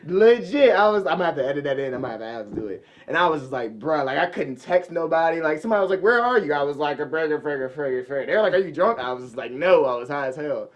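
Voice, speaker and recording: Animated young man telling a story. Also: racing, hardly any pauses. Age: young adult. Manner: animated, swings into loud, high-pitched quoted outbursts. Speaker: podcast co-host. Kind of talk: casual storytelling chat.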